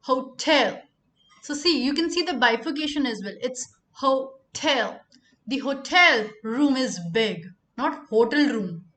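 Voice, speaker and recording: A woman teaching pronunciation, repeating each word slowly for emphasis. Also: sits high, expressive, fairly bright tone. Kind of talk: pronunciation lesson.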